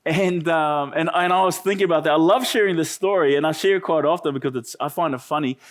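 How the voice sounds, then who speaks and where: A man's voice: fairly high pitch, fast. A man with a New Zealand accent preaching a sermon, telling a humorous story with chatty asides to the congregation. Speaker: pastor.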